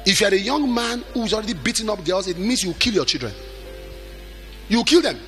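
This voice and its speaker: A middle-aged man preaching a sermon with emphatic delivery, at times shouting and acting out the people he quotes. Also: high voice, lively intonation, a little fast, faint music behind.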